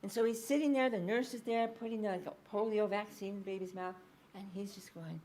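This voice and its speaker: A woman giving a public lecture as a researcher, explaining findings in a lively storytelling way, with frequent ums and uhs. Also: medium pitch, fast talker, slight background noise. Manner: lively anecdotal storytelling, acting out quoted speech.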